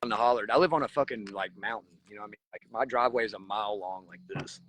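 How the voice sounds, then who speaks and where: A man with an Appalachian Southern accent, a musician guest in a casual chat over a video call from his barn, relaxed, joking and swearing freely. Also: fairly low pitch, very fast, low-quality recording.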